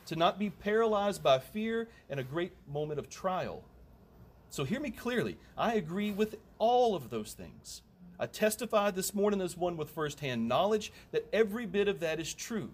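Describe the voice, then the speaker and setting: A man preaching a sermon in a conversational way, with humorous asides and emphatic repetition. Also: sits high.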